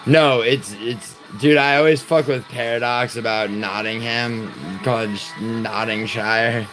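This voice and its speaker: A man's voice: medium pitch, steady tone, measured pace, few pauses, rough recording. A man from New York hosting a livestream, rambling and swearing as he answers chat aloud. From New York, United States. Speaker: livestream host. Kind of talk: casual livestream chat reading. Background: music playing.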